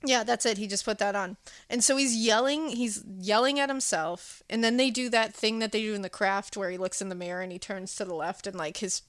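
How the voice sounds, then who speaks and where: A woman podcast co-host recapping a horror film in casual chat, telling it in an animated, chatty way. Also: medium pitch, fairly quick, no echo, studio quality. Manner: animated, chatty retelling with laughs and acted-out quotes.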